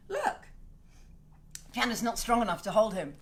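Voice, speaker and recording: A middle-aged woman hosting her own home video show, chatty and swearing freely with animated asides. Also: sits high, fairly quick, soft background music. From Wales. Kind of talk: casual home video chat. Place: home, indoors.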